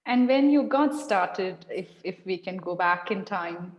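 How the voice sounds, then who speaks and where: A woman hosting an interview over a video call, asking slow, careful questions. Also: fairly low pitch, expressive, reverberant, big-room sound, lo-fi sound. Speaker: host.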